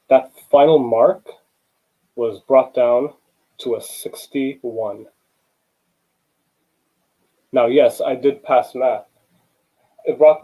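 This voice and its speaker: A man's voice: mid-range voice, mellow, breathy edge, rough recording. A young man giving a personal storytelling talk to students in a conversational way, often saying "you know" and acting out the dialogue. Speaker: student speaker.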